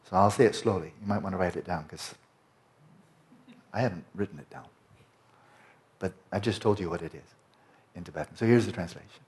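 A man teaching a Buddhist Dharma talk, explaining slowly and lingering over Tibetan and Sanskrit terms. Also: deep voice, darkish tone. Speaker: meditation teacher.

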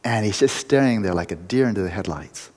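Husky low-voiced man teaching in a hall. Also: lively intonation, fairly quick, a little mellow. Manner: playful, teasing, laughs often. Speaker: meditation teacher. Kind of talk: retreat lecture with storytelling.

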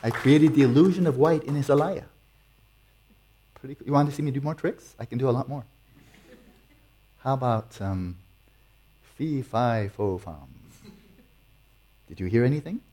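A man's voice: medium pitch, a little fast, pauses often, warm tone, breathy edge. A man teaching meditation and answering audience questions in a playful, teasing way. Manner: playful, teasing, chuckles often.

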